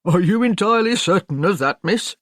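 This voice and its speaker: A courteous elderly shopkeeper, gently amused and unfailingly polite, spoken with lively inflection as a woman narrator puts him on. The recording is close and dry. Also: medium pitch, fairly quick, dry recording, pitched above the performer's own voice, lightly acted. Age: older.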